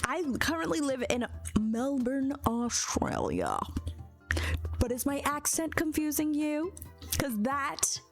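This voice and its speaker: A woman streaming a game, chatting casually in a bubbly, giggly, gushing way. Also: fairly high pitch. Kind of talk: casual live-stream chat.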